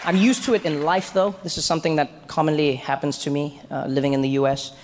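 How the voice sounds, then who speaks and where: A man with a South African accent telling stand-up stories in an animated way, with his voice climbing high when he gets excited. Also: fast talker, crowd noise, background noise. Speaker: stand-up comedian. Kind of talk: stand-up storytelling. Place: comedy stage.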